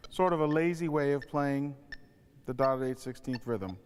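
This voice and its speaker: A man's voice: medium pitch, normal speed, smooth. A man teaching saxophone, earnestly advising students and singing rhythms aloud to demonstrate them. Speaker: saxophone instructor. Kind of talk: music lesson tutorial. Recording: reverberant room.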